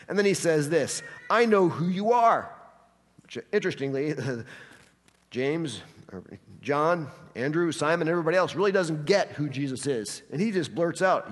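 A man preaching a sermon, acting out quotes with animated delivery in a church hall. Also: fairly high pitch. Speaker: pastor. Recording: long hall reverb.

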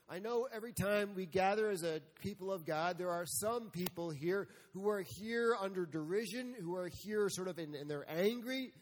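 A man's voice: high voice, in a large hall. A male pastor preaching a sermon, emphatic and full of rhetorical questions, sometimes acting out God's voice. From United States. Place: church sanctuary.

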